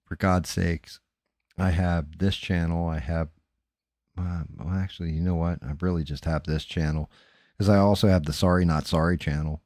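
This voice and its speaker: A man with a New Jersey accent, hosting a casual live stream while painting, talking fast, rambling and swearing. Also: rumbling low, darkish tone, dry recording, clean studio sound. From New Jersey, USA.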